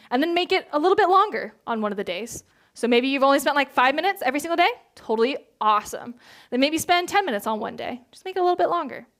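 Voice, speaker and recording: A woman giving a conversational sermon in a casual, chatty way. She acts out quoted lines in brighter voices. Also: high voice. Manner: casual, chatty, with many filler words. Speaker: church speaker.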